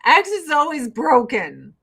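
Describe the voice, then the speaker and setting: A middle-aged woman talks through her get-ready-with-me routine at home. She tells blunt, profane stories and laughs often. Her voice sits somewhat high. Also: big pitch swings, a little slow, fairly bright tone. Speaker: vlogger. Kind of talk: casual get-ready-with-me chat.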